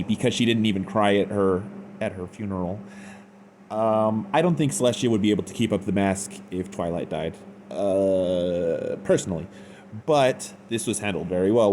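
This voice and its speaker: A man's voice: fairly low pitch, warm tone, a little hiss or hum. A man giving an unscripted, rambling review in casual slang, full of fillers. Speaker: fan fiction reviewer.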